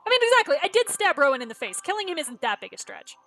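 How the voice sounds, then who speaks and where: A woman's voice: extremely high pitch, very animated, fast, few pauses, fairly bright tone. A woman streamer reading and playing an interactive story game aloud, with wry joking asides.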